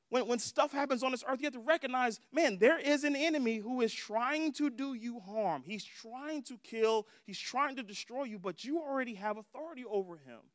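A man's voice: sits high, no room sound, studio quality. A man preaching a sermon in a conversational, playful way, often checking in with "right?".

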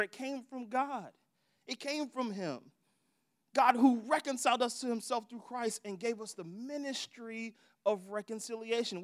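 High voiced guy preaching, pushy and repetitive, goes quiet then loud, super dry sound. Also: dry recording. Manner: emphatic and repetitive, swinging from hushed to loud. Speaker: pastor. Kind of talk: sermon.

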